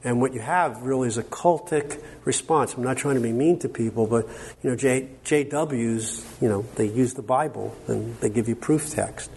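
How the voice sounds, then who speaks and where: Husky, creaky and darkish, this medium-pitched male voice moves at normal speed through a conference workshop lecture. He talks conversationally and emphatically, repeatedly asking the audience "okay?"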